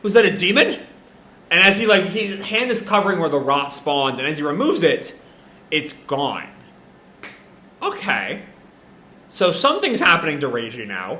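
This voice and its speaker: A man's voice: on the high side, sing-song, normal speed, pauses often, sharp tone, slight background noise. A man hosting a live manga reaction, thinking aloud with hedges and restarts. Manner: rambling, hedging, self-correcting. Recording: echoey room.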